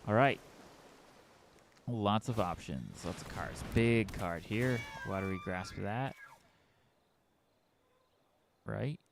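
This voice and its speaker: A low-voiced man with a gravelly edge commentates a card game on stream, chatting with viewers and thinking out loud about his plays. His delivery swings lively up and down. A steady hiss of background noise sits under the voice. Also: a little slow. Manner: chatty, talks to chat and mutters through his plays. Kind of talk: casual commentary while playing a card game.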